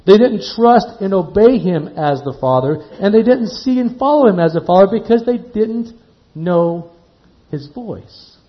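Man preaching, sermon, soft slow hushes on key words, higher voice, dull lo-fi sound. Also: lively intonation. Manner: slows and drops to a hush on key words, then rises.

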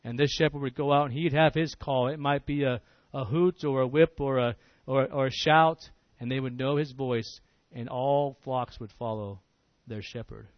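A man's voice: mid-range voice, steady tone, moderate pace, no echo, highs cut off. A man preaching a sermon in an earnest, emphatic way, often repeating words as he restarts a phrase.

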